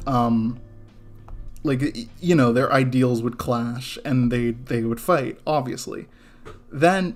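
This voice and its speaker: A man ranting casually on a live drawing stream, getting heated, swearing and stumbling over restarts before apologizing. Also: mid-range voice. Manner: heated, swearing, many restarts and self-corrections. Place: home studio with background music.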